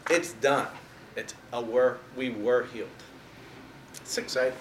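A man's voice: medium pitch, steady tone, unhurried. A man giving an informal Bible teaching in a conversational way, pressing hard on key words. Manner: conversational, stresses words, chuckles at own jokes. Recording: echoey room with faint noise.

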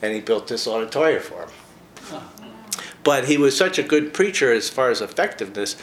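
A man's voice: medium pitch, animated, fairly quick, fairly bright tone, a little hiss or hum. A man in a casual talk, reading a short biography aloud and breaking off for chatty personal asides. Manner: chatty, with frequent personal asides between read passages.

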